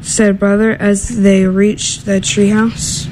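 A woman reading a children's storybook aloud in a steady, gentle way, with small slips and restarts. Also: mid-range voice, slow, background noise.

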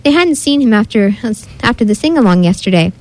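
A woman's voice: fairly high pitch, expressive, a little fast, a little mellow, natural voice. A woman reading a storybook, voicing an anxious, insistent young boy. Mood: urgent. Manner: urgent, insistent.

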